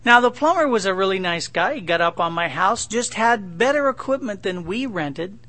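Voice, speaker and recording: A man's voice: sits high, moderate pace, bright, forceful tone. A middle-aged man preaching a sermon in a conversational, joking way, acting out his own dialogue with God. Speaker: pastor.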